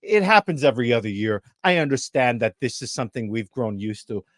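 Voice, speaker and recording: A man's voice: mid-range voice, expressive, fairly quick, fairly bright tone, dry recording. Man, thirties, podcast co-host, exasperated rant, emphatic, repetitive, dry close sound. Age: 30s. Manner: exasperated, emphatic, repeats himself.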